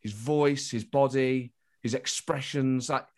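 A man's voice: mid-range voice, slow pace. Man, British, comedian guest, casual podcast chat, rambling, restarts. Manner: animated, rambling, restarts mid-thought.

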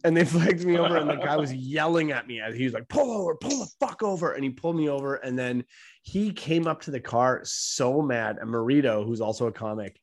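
A man's voice: medium pitch, steady tone, brisk. A man, a comedian telling a story in casual, profane chat and laughing as he goes. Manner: laid-back, profane, laughs through stories.

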